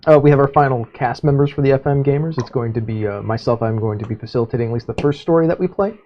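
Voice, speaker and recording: A man's voice: mid-range voice, fast talker, a little hiss or hum. A man hosting a podcast in casual chat, rambling easily with fillers. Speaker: podcast host. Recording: dull lo-fi sound.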